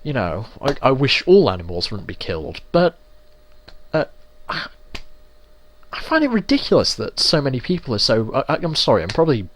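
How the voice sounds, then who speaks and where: A man's voice: medium pitch, big pitch swings, normal speed, a little hiss or hum. A young man from England giving casual, sweary, ranting commentary while playing a video game. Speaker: let's play gamer.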